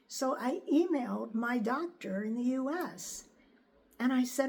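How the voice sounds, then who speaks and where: A woman's voice: high voice, slow pace. An older woman from the United States, candidly telling a personal story to her viewers in a chatty way. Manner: chatty, animated when quoting others. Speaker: vlogger.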